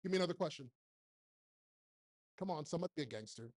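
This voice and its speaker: A man's voice: on the high side, lively intonation, quick pace, darkish tone. A man in his forties giving a blunt, joking motivational talk on stage to a live audience, speaking into a handheld microphone and firing off rhetorical questions. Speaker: keynote speaker and TV producer.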